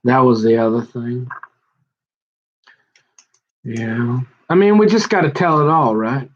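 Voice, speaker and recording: A man's voice: mid-range voice, takes it slowly, lo-fi sound, a little hiss or hum. A man doing a rambling, self-mocking comic monologue. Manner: rambling, self-mocking, slips into put-on voices. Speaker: comedian.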